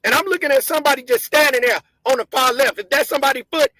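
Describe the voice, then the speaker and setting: A man hosting a show, giving heated, profane commentary on video footage and often breaking into shouts as he talks to his viewers. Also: extremely high pitch, quick pace, few pauses, no echo, low-quality recording. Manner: impassioned, shouting, profane, addresses viewers as gang.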